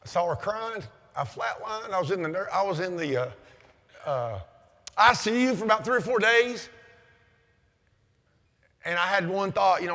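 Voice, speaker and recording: A man in his fifties giving a loud, forceful motivational speech at a conference. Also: high-pitched, lively intonation, moderate pace, long pauses. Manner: loud, forceful, self-described aggressive and over the top. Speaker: conference keynote speaker. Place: large conference hall. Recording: long hall reverb.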